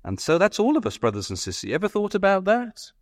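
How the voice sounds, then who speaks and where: Earnest high-voiced male preacher. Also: wildly swooping pitch, fast, no room sound, clean studio sound. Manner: earnest, asks listeners repeated questions; stumbles and repeats words when stirred. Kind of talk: sermon.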